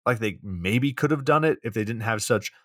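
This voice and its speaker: Low-voiced man recapping a movie. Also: animated, fairly bright tone, dry recording, clean studio sound. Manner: fast plot summarizing, swears casually. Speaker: podcast co-host. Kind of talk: casual movie recap chat.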